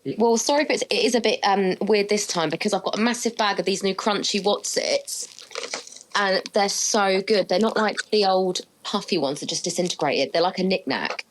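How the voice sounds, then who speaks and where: A woman's voice: mid-range voice, moderate pace, slight background noise. A woman co-hosting a podcast, chatting casually with a giggly, self-mocking manner into a home mic. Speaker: podcast co-host. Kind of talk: casual chat.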